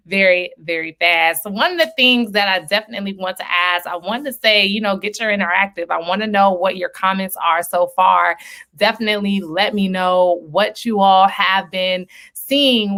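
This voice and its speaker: A woman hosting a film screening stream in a chatty, animated way, with many fillers and laughs. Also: mid-range voice. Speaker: host. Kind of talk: casual livestream chat.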